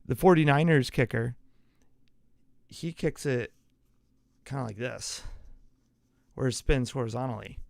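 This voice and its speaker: A man's voice: medium pitch, measured pace, vocal fry, long pauses, darkish tone, dry recording. A man hosting a casual solo sports podcast, rambling through an explanation, acting it out with gestures and correcting himself along the way. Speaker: podcast host.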